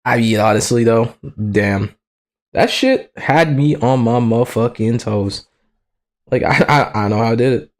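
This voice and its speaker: A man's voice: mid-range voice, measured pace. A young man streaming live in casual commentary, talking in slang with lots of swearing and frequent laughter. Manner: slangy, profane, laughs often, excitable. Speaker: livestreamer.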